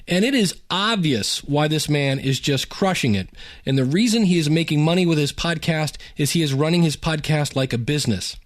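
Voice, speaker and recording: A man's voice: on the high side, normal speed. Upbeat chatty male podcast host. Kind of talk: casual podcast monologue.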